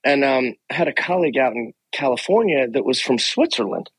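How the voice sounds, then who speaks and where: A man's voice: mid-range voice, brisk, husky, dry recording, poor audio. A middle-aged man, a therapist guest on a podcast, chatting casually and telling stories with quoted asides. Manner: animated, laughing, storytelling with quoted asides.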